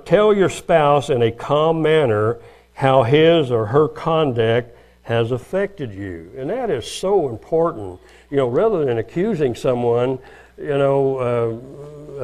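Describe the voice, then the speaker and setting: An older man delivers a homespun sermon at a middle pitch. He talks casually and jumps into bits of acted-out conversation. His delivery stays plain and easygoing, like a preacher talking to his congregation. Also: a little mellow. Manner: folksy and conversational, acting out quoted dialogue.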